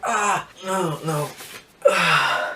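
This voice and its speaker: A woman's voice: on the low side, drawn-out words. A woman groaning and pleading in pain during a food challenge vlog. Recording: distant mic, faint background noise.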